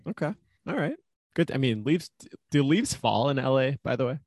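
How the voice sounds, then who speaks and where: A man's voice: mid-range voice, very animated, normal speed, darkish tone, no echo. Laid-back Minnesotan man, dry close sound. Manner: laid-back, chuckling often. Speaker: podcast co-host, actuary. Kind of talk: casual chat. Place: home.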